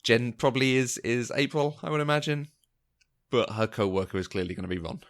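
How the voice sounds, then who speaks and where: A man's voice: medium pitch, a little fast. A man co-hosting a podcast, reading listener feedback and announcements in a casual tone, chuckling often. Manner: chuckles often between remarks. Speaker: podcast co-host. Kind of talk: casual chat and show announcements.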